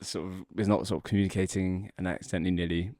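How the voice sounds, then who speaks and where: A man's voice: deep voice, fairly even intonation, fast talker, darkish tone, no echo, clean studio sound. A young adult man, a podcast co-host, casually telling a long, rambling joke story and laughing as he goes. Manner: rambling, laughs often, drags out the setup.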